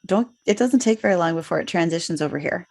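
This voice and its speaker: A woman's voice: fairly low pitch, fast, gravelly, darkish tone. A woman co-hosting a podcast, joking and reacting with amusement in casual conversation. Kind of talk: casual chat.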